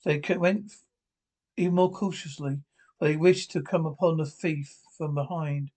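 A man with a somewhat high voice reads a classic adventure novel aloud. He stumbles and restarts words often, pressing on through the story in an unpolished, amateur narration. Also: fairly even intonation, darkish tone, poor audio. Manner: halting, frequent restarts and stumbles. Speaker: audiobook narrator.

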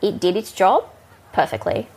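A woman's voice: mid-range voice, big pitch swings, moderate pace, darkish tone, breathy edge. A woman with a mixed Kiwi and Northern Californian accent, casually telling a bar story in a slangy, swearing way. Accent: Kiwi and Northern Californian mix.

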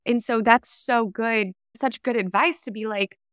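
A woman hosts a podcast interview and answers her guest by affirming and building on what she said. Her voice is a little higher than most, and the sound is dry and close with no room in it. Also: fairly even intonation, unhurried, fairly bright tone, clean tone. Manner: affirming, echoes the guest's points. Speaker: podcast host. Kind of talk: conversational interview.

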